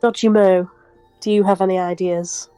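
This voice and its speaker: A woman's voice: medium pitch, steady tone, moderate pace, mellow, clean tone, no echo, soft background music. A woman playing a tabletop game, hesitant, laughing often and trailing off. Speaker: player.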